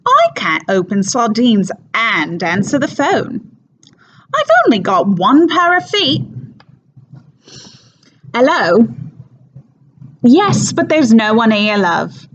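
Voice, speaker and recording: A woman playing a fussy, flustered comic housekeeper in a stage comedy monologue, with a thick, overdone Cockney accent and chatty, loud delivery. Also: fairly high pitch, dull audio, voice pushed up, heavily acted.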